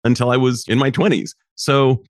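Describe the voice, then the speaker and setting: A man's voice: medium pitch, steady tone, normal speed, no echo, clean studio sound. A man hosting a psychology podcast, reflecting on what his guest says with enthusiastic responses. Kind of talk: interview conversation.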